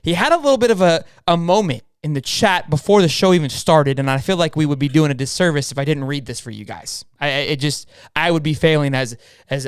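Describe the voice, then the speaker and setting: A young man co-hosting a live sports podcast, talking fast and hyped with plenty of slang. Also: a little high, clear, resonant tone, no echo, studio quality. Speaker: podcast co-host.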